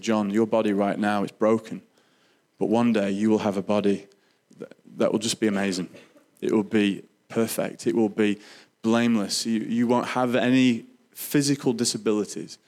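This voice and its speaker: A man sharing a personal faith testimony, earnest and halting, with frequent restarts. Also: lowish voice, darkish tone. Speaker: Christian speaker sharing testimony.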